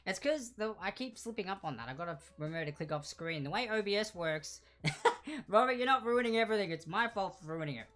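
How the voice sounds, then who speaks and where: A man's voice: high voice, lively intonation, fast talker, fairly bright tone, faint music behind. A young man hosting a livestreamed quiz night in a casual, joking, self-deprecating way, laughing often. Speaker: trivia quiz host.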